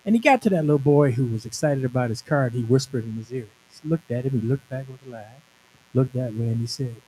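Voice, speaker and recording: A man's voice: medium pitch, lively intonation, fairly quick, a little mellow, slight background noise, rough recording. A man in his sixties, a minister, telling a personal testimony at a conference in a conversational, emphatic storytelling way. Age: 60s. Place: conference venue.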